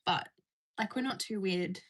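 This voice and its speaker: Bright-voiced chatty woman. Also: mid-range voice, measured pace. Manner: chatty, bubbly, reading and answering chat messages. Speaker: live streamer. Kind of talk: casual live stream chat. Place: indoors at home.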